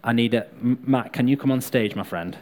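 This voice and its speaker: Preaching in a chatty, joking way, this man speaks directly to those in front of him and invites volunteers up to work with his props. He talks briskly in a medium-pitched, slightly mellow voice.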